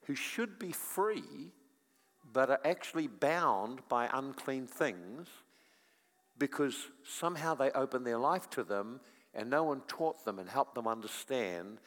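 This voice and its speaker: A middle-aged man preaching a sermon, telling stories and swinging from quiet to loud. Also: mid-range voice. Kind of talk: sermon with storytelling. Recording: long echo of a large hall.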